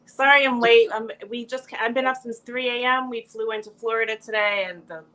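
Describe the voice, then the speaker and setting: A woman's voice: a little high, fairly even intonation, brisk, bright, forceful tone. A woman guest joining by video call, chatting casually and teasing the host. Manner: teasing, laughs easily.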